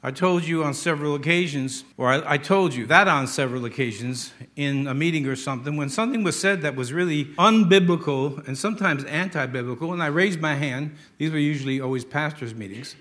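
An older man preaching a sermon as a pastor, emphatic and drawing out key words slowly for stress. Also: a little high, fairly bright tone.

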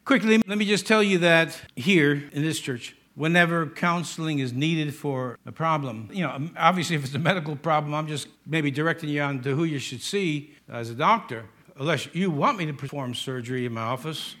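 Middle-aged pastor, New York accent, ringing tone, chatty sermon full of wisecracks. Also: male voice, a little high, moderate pace, few pauses, fairly bright tone. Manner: joking, conversational preaching with asides.

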